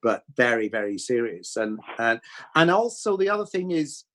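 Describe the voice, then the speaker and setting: A man's voice: on the high side, big pitch swings, moderate pace, fairly bright tone. A man, a film director, talking through his process in a thoughtful, rambling way with many restarts. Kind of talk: reflective Q&A chat.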